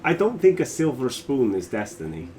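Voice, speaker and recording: A man's voice: mid-range voice, sing-song, moderate pace, darkish tone, slight background noise, poor audio. A man playing a tabletop game, bantering with dry, teasing remarks.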